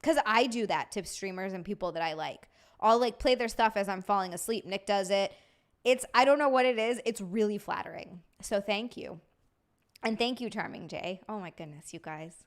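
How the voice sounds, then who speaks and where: A young adult woman hosting a casual chat show, chatty and quick to laugh as she reads out viewer messages. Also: mid-range voice. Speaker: host.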